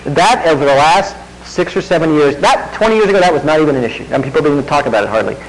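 A man's voice: fairly high pitch, animated, racing, a little hiss or hum, rough recording. A man preaching a sermon in a conversational way, with wry asides to the congregation. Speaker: pastor.

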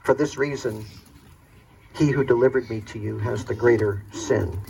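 A man voicing Jesus, who speaks in a calm, measured and solemn way. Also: mid-range voice, creaky, recorded from a distance, slight background noise, close to an everyday voice, poor audio.

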